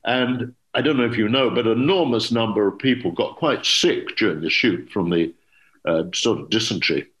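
An older man, an English actor, telling anecdotes in a relaxed interview and acting out quoted dialogue. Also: lowish voice, moderate pace. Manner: lively storyteller, acts out quoted dialogue. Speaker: actor guest.

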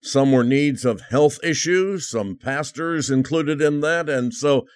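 A man's voice: fairly high pitch, measured pace, smooth, no echo. An older man in his eighties hosting a Christian radio talk show, chatty and joking, laughing at his own lines.

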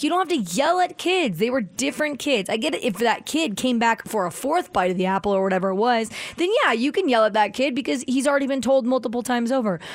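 A woman's voice: a little high, dry recording. Chatty female radio co-host. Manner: opinionated, chatty, frequent "like". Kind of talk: morning radio banter.

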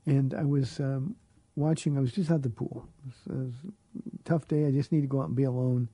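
A man's voice: mid-range voice, fairly even intonation, brisk, dark tone, no echo. A middle-aged man, a pastor answering listeners' questions on a call-in radio show, earnest and often repeating words as he searches for the phrasing.

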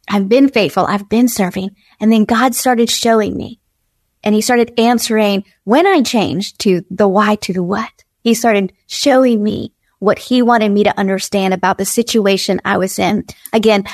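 A woman's voice: medium pitch, no echo. Earnest woman preaching, dry close mic. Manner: earnest, repetitive exhortation with acted-out inner dialogue. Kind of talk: devotional sermon.

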